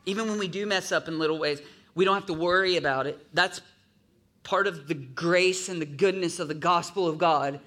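At a normal speed, a pastor with a slightly high, fairly bright voice delivers a conversational sermon. He frequently invites his listeners' agreement, and in asides he mimics grumbling voices.

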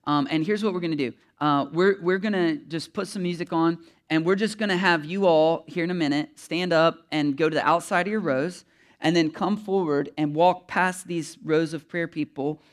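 A man's voice: on the high side, moderate pace. Casual, rambling male pastor. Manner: rambling, conversational, with many fillers. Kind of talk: casual sermon instructions.

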